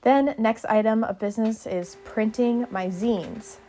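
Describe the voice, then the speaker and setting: A woman's voice: a little high, a little slow, mellow, a little hiss or hum. A young woman vlogger narrating casually, chatty and rambling with a self-deprecating streak.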